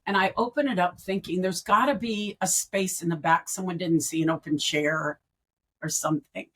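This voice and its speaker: A middle-aged woman, an end-of-life doula and grief educator, telling her personal story as a guest in a podcast interview over a video call, animated and quick to act out what people said. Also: on the low side, breathy edge, low-quality recording. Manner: animated storyteller who acts out quoted speech.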